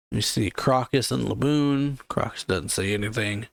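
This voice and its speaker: A man's voice: mid-range voice, normal speed, creaky, hardly any pauses, no room sound. A man casually retelling a comic chapter as a reaction host, loose and rambling with many fillers. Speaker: manga reaction YouTuber.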